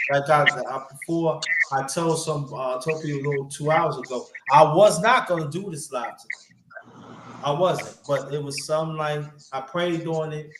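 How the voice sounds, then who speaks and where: A man hosting a casual livestream chat, rambling with many fillers and restarts. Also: fairly high pitch. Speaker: livestream host. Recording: echoey room with background noise.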